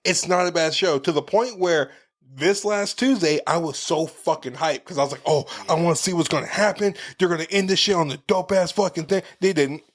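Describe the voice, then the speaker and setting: A man in his thirties co-hosting a podcast, telling stories in a casual, profane, animated way. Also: on the high side, a little fast. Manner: profane, storytelling, animated retelling. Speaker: podcast co-host. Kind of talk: casual chat.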